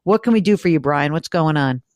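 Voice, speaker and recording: A woman's voice: deep voice, expressive, a little fast, a little mellow, no echo, studio quality. A woman hosting a money call-in radio show, chatty and teasing with callers. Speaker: host.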